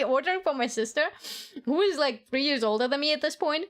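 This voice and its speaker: A woman streamer telling childhood stories to her chat, swearing freely, laughing often and mimicking family members in squeaky voices. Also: lively intonation, fairly quick. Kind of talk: casual storytelling chat with viewers.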